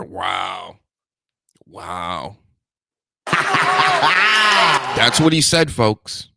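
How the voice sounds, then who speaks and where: A man hosting a solo podcast, rambling and joking with mock threats and loud mocking outbursts. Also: lowish voice, dry recording, studio quality. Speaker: podcast host. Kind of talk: casual solo wrestling podcast chat.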